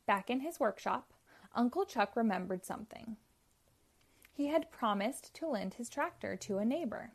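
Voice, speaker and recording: A woman reading a children's chapter book aloud in a slow, clear, expressive way. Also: a little high. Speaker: storyteller.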